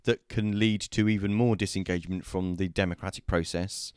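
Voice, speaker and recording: A man hosting a casual discussion show over a remote call, talking with many pauses, fillers and restarts. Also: low voice, fairly even intonation, a little mellow, clean tone, no echo, clean studio sound. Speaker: host.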